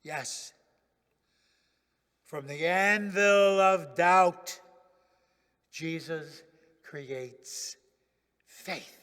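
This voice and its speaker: A male pastor preaching a sermon in a church, swinging dramatically from loud declarations to hushed near-whispers. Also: a little high, drawn-out words, long pauses, clear, resonant tone, long reverb tail.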